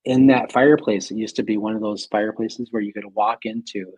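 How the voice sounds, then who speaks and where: Husky-voiced man telling a rambling story. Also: on the low side, steady tone, a little fast, darkish tone, no room sound, poor audio. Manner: laughs often while telling stories, rambling with many fillers. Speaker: guest, clinic doctor. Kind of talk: casual storytelling conversation.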